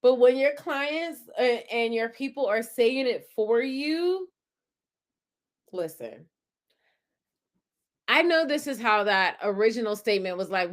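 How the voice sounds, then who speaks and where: Here a young adult woman, a podcast host, reads comments from her casual live stream in a voice on the high side. Her delivery is slow with frequent pauses, yet animated and affirming as she cheers viewers on.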